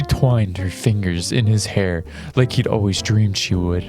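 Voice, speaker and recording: A man's voice: fairly low pitch, measured pace, hardly any pauses, faint music behind. A man reading fanfiction aloud in a dramatic style, breaking off for amused, flustered asides. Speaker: reader.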